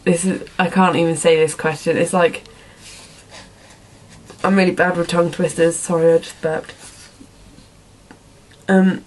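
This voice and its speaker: Over a faint hiss or hum, a young woman with a fairly low, evenly intoned voice chats at normal speed on her vlog, answering viewer questions. She's rambling and giggly, self-deprecating, and heavy on fillers.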